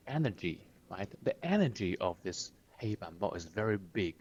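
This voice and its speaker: A man explains lines slowly and patiently, repeating words and filling pauses with "uh". His low voice moves up and down a lot. The sound is dull and lo-fi. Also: big pitch swings, a little mellow, husky. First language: Chinese. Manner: slow, patient explaining with many fillers and repetitions. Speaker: Chinese language teacher. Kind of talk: explaining sitcom lines to learners.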